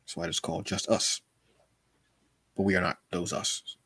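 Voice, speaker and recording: Playful podcast co-host, low dry voice. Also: male voice, level tone, normal speed, sharp tone, breathy edge, no echo. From United States. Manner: playful and joking, calls his co-host "brother", turns earnest. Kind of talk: casual podcast chat.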